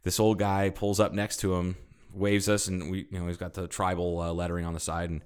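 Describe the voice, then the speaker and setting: A man's voice: low voice, little pitch movement, brisk, a little mellow, smooth. A man co-hosting a podcast, telling a road trip story in casual chat, swearing freely and acting out quoted people. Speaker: podcast co-host.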